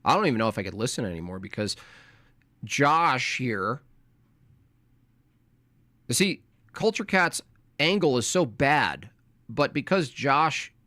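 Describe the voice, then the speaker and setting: An American man giving sarcastic, argumentative commentary on a debate clip, speaking in rapid bursts. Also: medium pitch, sharp tone, dry recording. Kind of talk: casual commentary.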